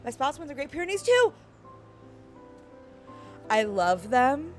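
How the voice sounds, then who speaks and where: A woman streaming and chatting casually, rambling and reading chat aloud, her voice croaky and worn out. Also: sits high, big pitch swings, a little slow. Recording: faint music underneath.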